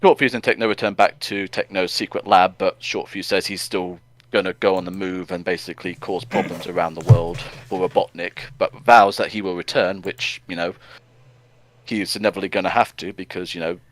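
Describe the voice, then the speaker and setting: A man giving a casual, animated recap of a comic on a podcast. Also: deep voice, a little fast, no room sound, poor audio. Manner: animated, acts out characters in silly voices. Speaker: podcast co-host.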